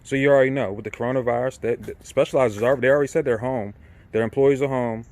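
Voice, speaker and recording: A man's voice: mid-range voice, fairly even intonation, very fast, darkish tone. A middle-aged man in an irate, casual rant, repeating himself, swearing and often asking "right?". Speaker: vlogger. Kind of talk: casual ranting monologue.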